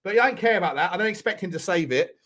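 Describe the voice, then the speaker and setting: Young male host, high voice, angry swearing rant over a live match. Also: expressive, very fast, fairly bright tone. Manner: furious, swearing ranting. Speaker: football fan channel host. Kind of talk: live football watchalong commentary.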